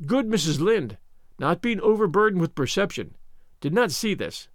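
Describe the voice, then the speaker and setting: Expressive man narrating, high, lively voice. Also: dry recording, studio quality. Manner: expressive, measured storytelling. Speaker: audiobook narrator. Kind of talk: scripted narration of a classic novel.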